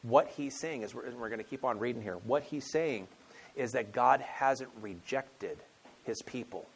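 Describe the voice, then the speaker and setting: A man's voice: mid-range voice, normal speed, gravelly, slightly rough. Conversational man preaching a sermon. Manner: conversational storytelling, acts out quotes, frequent restarts. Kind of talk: expository sermon.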